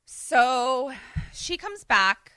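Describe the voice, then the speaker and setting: Podcast co-host, female, lively storyteller who performs character lines; bright tone, dry booth sound. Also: sits high, very slow, clear, resonant tone, no room sound. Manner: animated retelling, acting out characters' lines. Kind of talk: casual film recap chat.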